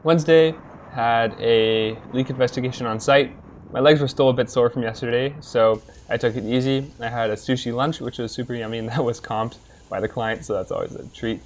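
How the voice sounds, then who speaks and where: A young man narrates his own vlog in an easygoing, chatty voice of ordinary pitch. He talks casually and chuckles lightly from time to time. Faint noise sits behind him. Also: brisk. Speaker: vlogger, triathlete.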